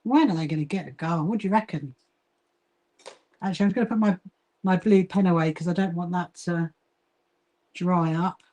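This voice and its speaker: A woman's voice: fairly low pitch, moderate pace, pauses often, warm tone. Livestream host: southern English woman, chatty, greets viewers while she sews. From England. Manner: chatty, greets viewers, talks while working, frequent restarts. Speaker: livestream host and quilting association founder. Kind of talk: casual livestream chat while sewing.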